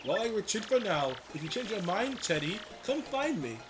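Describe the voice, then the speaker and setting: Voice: mid-range voice, sing-song, normal speed, pitched above the performer's own voice, lightly acted. A man voicing a sleazy, flirtatious male charmer with a put-on French accent, over game music. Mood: flirting. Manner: smarmy, theatrical. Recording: game music playing behind.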